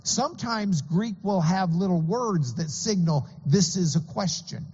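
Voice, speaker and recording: A man's voice: sits high, lively intonation, a little slow, a little mellow, husky, big-room sound, dull audio. A man preaching a sermon as pastor, earnest and explanatory, with occasional stammering restarts.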